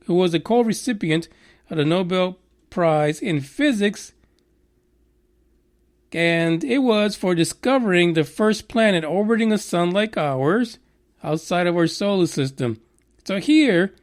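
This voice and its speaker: High-voiced, foul-mouthed ranting man. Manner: profane, sarcastic, blunt. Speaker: podcast host. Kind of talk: ranting news commentary.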